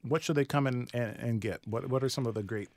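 A man's voice: medium pitch, fast talker, darkish tone, no echo. A man hosting a live radio interview in a restaurant, eager and tasting dishes as he talks. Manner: enthusiastic, tasting food while talking. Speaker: radio host.

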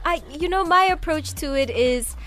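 A woman's voice: sits high, expressive, moderate pace, a bit bright. A woman, a stage actress, speaking thoughtfully as a radio studio guest.

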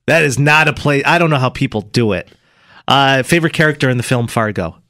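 A man's voice: medium pitch, a little fast. A man cohosting a morning radio show, joking and reading copy in casual banter. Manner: animated, joking, reads copy aloud.

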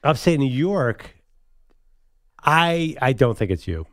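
A man's voice: mid-range voice, big pitch swings, slow pace, no room sound, clean studio sound. A man co-hosting a sports radio show, joking about himself and laughing often in casual banter. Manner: jokey, self-mocking, laughs often.

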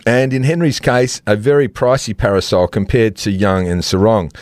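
A middle-aged Australian man co-hosting a sports podcast, telling stories with lots of laughs and animated swings into quoted voices. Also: normal speed, dry recording, clean studio sound. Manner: animated storyteller, laughs often, jumps pitch for quoted voices. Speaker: podcast co-host. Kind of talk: casual sports chat.

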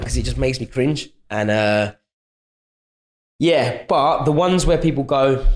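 A young man with a London accent talks casually on a podcast, slipping into bright, higher voices whenever he quotes strangers. His tone stays mid-pitched and easygoing, rambling through stories with plenty of "you know what I mean". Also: measured pace. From England. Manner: chatty storyteller, acts out quotes in a higher voice. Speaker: UFC fighter guest.

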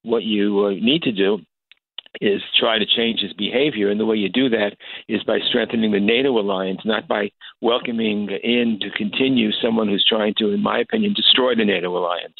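An older man, a congressman, answering interview questions over the phone, halting with many fillers and restarts. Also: on the low side, steady tone, creaky, husky. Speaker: congressman guest. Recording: tinny phone line.

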